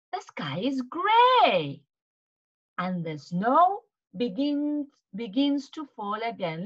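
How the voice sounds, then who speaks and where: A woman teaching to children, retelling a storybook in an animated way, with gasps and questions to the kids. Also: fairly high pitch, highs cut off.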